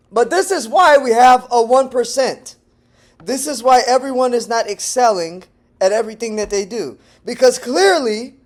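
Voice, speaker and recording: A man from Texas talks straight to camera in a loose, tangent-prone monologue. His voice sits a bit high for a man and climbs and drops all over the place, flipping from loud bursts to quiet asides. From Texas, United States. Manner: animated and digressive, swings between loud bursts and low murmurs, laughs often. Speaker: language-learning vlogger. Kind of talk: casual talking-head monologue.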